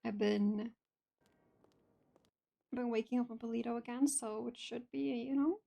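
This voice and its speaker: Chatty young woman with a gravelly edge. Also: fairly high pitch, fairly even intonation, normal speed, warm tone. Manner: chatty, peppered with "like" and "sick". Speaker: streamer playing her roleplay character. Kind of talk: casual roleplay chat.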